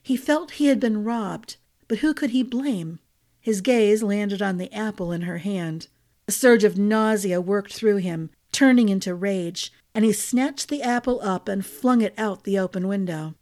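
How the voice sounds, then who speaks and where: A woman narrating a fantasy novel for a storytelling podcast in a measured, dramatic reading style. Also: medium pitch, a little mellow.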